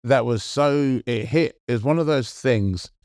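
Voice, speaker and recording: A middle-aged man in casual chat as a podcast co-host, earnest and halting, often restarting his sentences. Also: medium pitch, darkish tone, no room sound, studio quality.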